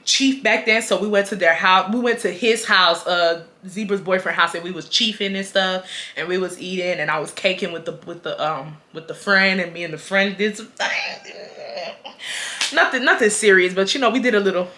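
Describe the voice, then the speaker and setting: A woman in her twenties from Houston telling a storytime vlog in casual chat, animated and acting out what people said. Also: lowish voice, normal speed. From Houston, Texas. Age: 20s. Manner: animated, quotes people, switches between laughing and getting fired up. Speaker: vlogger.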